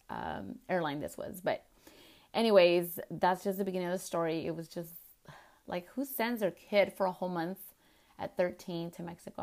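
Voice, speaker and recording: A woman's voice: on the low side, creaky, darkish tone. A woman podcast host and health coach, telling a personal story in a chatty, laughing way and mixing Spanish words into her English. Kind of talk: casual storytelling.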